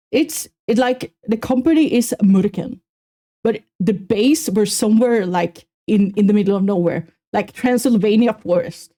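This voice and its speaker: A young woman streaming, chatting casually and self-mockingly with her viewers in quick exclamations. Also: medium pitch, mellow. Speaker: streamer reacting to a video. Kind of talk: casual live-stream chat.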